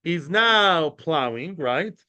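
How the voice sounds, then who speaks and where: Male Talmud teacher, high voice, dry close sound, animated, voices the sages' argument, glosses terms in passing. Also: slow pace, smooth, no room sound. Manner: animated, acts out the sages' debate; mixes in Aramaic and Hebrew terms, explains them. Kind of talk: daily Talmud lecture.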